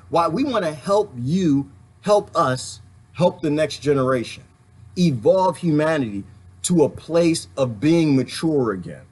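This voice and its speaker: A man hosting a casual livestream, reading viewer comments and preaching in an animated way, often laughing and slipping into funny voices. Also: on the high side.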